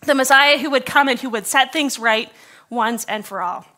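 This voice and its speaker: A woman's voice: sits high, moderate pace, bright, forceful tone. A woman pastor preaching a sermon to her congregation, conversational and joking, with a slightly scratchy throat. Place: church service before a congregation.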